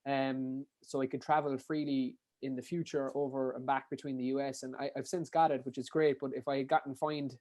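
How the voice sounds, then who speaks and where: A young man with a Kerry Irish accent, a podcast guest telling rambling stories in a casual, quick way with lots of restarts. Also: medium pitch, level tone, darkish tone, no room sound. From Dingle, County Kerry, Ireland. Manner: rapid, rambling, frequent restarts and fillers. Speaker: podcast guest, ultra runner. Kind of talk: casual anecdotal storytelling.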